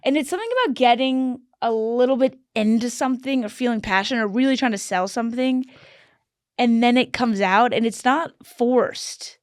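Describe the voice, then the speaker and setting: A woman from Kentucky, a comedian guest, with a faint Southern accent and a very high voice. She talks quickly and animatedly, close to a dry mic. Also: no echo. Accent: faint Southern American. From Kentucky, USA. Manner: quick, animated, laughs easily. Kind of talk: casual chat.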